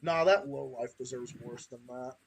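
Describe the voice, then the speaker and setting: A man's voice: medium pitch, moderate pace, creaky, background noise. A man from Massachusetts with a Massachusetts accent, hosting a podcast in a heated, profane ranting style. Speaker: podcast host.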